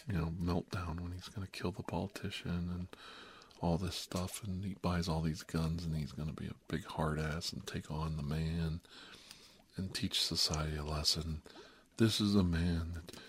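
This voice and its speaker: A man telling a rambling comic story in an animated, wry way, with hushed, whispery asides and many repeated words. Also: low-pitched, a little hiss or hum. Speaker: comedic monologist.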